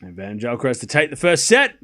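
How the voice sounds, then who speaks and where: A man's voice: mid-range voice, wildly swooping pitch, fast talker, sharp tone. A man commentating a tennis match live on stream, chatty and incredulous, laughing often and talking to his chat.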